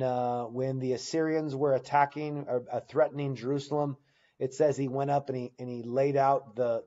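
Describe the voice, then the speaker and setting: A man with a mellow, mid-range voice teaches a church Bible class without a script, captured on a battery-powered recording device with dull audio. He pauses to restart phrases and reads scripture passages aloud with emphasis.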